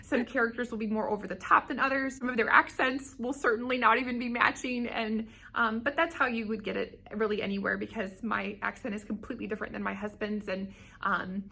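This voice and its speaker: Gravelly, bright-voiced woman drama director. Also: a little high, fairly even intonation, a little fast. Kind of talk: behind-the-scenes interview.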